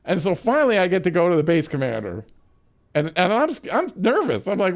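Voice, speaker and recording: A man's voice: high voice, huge pitch swings, a little fast. A middle-aged man telling a long, profane, rambling story while streaming a game, laughing often.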